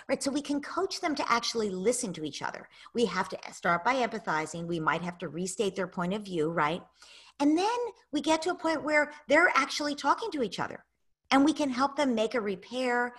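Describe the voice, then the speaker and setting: Husky american lady explaining parenting stuff, lively, acts out the kids. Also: mid-range voice. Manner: animated, acts out parents and kids in quoted lines. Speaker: parenting expert answering audience questions. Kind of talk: online masterclass Q&A.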